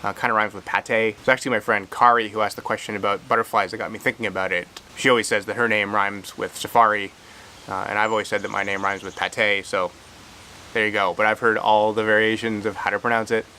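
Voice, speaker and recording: Man, thirties, casual vlog Q&A, slightly low voice, self-deprecating, fillers and restarts, faint hiss. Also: flat delivery, fast talker, pushed and bright. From Czechoslovakia. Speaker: YouTube creator answering viewer questions.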